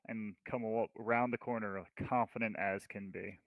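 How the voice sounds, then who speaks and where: A man's voice: fairly low pitch, fairly even intonation, normal speed, few pauses, no echo, dull audio. A man playing a tabletop game, hesitant, with many fillers and restarts. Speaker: player.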